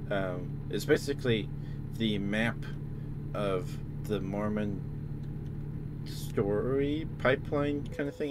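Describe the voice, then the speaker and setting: A man's voice: fairly low pitch, background noise. A young man streaming a driving game, chatting in a rambling, apologetic, self-deprecating way. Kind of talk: casual chat while playing a driving game.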